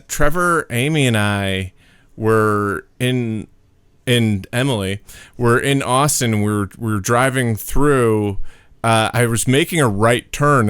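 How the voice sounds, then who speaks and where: Laid back guy telling a story on a podcast, smooth clear voice, dry close sound. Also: medium pitch, fairly bright tone, dry recording. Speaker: comedy podcast co-host. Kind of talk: casual storytelling chat.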